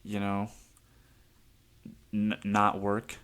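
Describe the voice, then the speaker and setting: A man's voice: fairly low pitch, monotone, drawn-out words, fairly bright tone, clear, resonant tone. A man hosting a solo podcast, rambling casually and swearing often with self-amused laughs. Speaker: podcast host.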